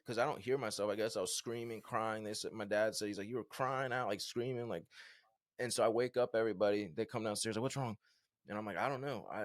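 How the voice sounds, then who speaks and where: A man in his thirties from Virginia, a podcast guest telling a personal story in an animated, casual way with lots of fillers. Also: lowish voice, no room sound, studio quality. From Virginia, USA. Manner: animated, conversational, many fillers like "like" and "bro".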